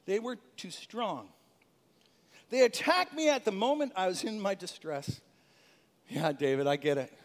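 Man, preacher, sermon, high-pitched, shouting to hushed, long hall reverb. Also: animated, unhurried, pauses often. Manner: dynamic, swings from shouting to hushed.

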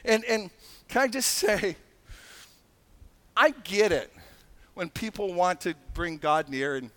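Man, very high voice, preaching a sermon, animated, emphatic asides. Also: takes it slowly, long pauses. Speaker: pastor.

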